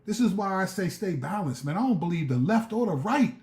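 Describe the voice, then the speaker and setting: Male streamer host, fervent street-slang preacher, slightly high voice, echoey room. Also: lively intonation, fairly quick, a little mellow. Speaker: show host. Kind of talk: live-stream commentary.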